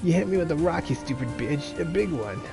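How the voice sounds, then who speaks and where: A man voicing an angry young village bully who whines and shouts in outrage. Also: fairly high pitch, lively intonation, brisk, gravelly, music in the background, pitched above the performer's own voice. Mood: outraged.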